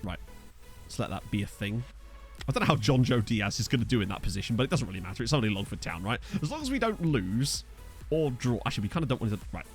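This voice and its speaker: Very animated and quick-paced, this mid-range male voice comes with faint music behind. A young man from Essex, speaking with its accent, chats casually while streaming a football management game, reading out his chat and joking along.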